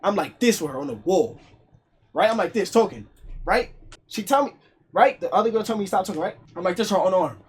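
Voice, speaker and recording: A young man telling a party story in a casual storytime, slangy and animated, with frequent laughs. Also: sits high, fairly quick, a little hiss or hum.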